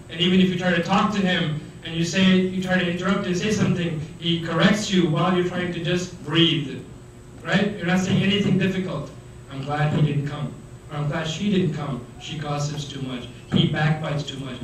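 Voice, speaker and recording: A man giving a religious lecture to students, animated, acting out the voices of the people he describes. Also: high-pitched. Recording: echoey hall, mic far off, faint noise.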